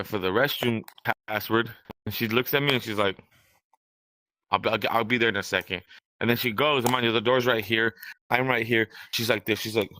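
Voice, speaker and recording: A young podcast host casually tells a long, rambling story full of profanity, playing the parts of the people in it. His voice is on the low side, pushed and bright.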